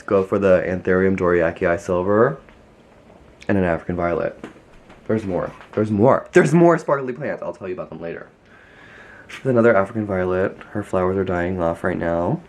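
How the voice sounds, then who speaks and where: A man with a somewhat low voice talks through a casual tour of his home plant collection. He gushes, chats freely and fills his sentences with "like". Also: lively intonation, normal speed, a little mellow. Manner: gushing, chatty, frequent "like". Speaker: plant vlogger. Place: home filled with houseplants.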